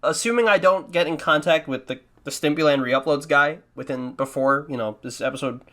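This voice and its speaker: A podcast host with a high, pushed, bright voice talks briskly in a casual commentary on his old videos. His delivery is profane, self-mocking and rambling.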